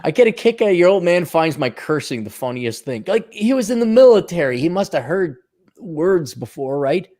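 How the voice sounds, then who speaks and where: A man's voice: fairly high pitch, very animated, normal speed, a little mellow. A man co-hosting a podcast in casual banter, crude and sarcastic and swearing freely. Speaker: podcast co-host.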